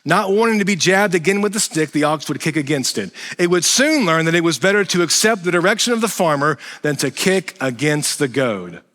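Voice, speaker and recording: Animated male pastor in a reverberant hall. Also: on the high side, a little fast, hardly any pauses. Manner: animated, self-deprecating, swings loud and soft. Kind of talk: sermon. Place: church sanctuary.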